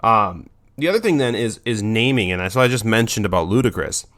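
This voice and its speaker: A man's voice: fairly low pitch, animated, a little fast, a bit bright. A man hosting a dog training podcast, talking in a loose, chatty monologue with many fillers and restarts.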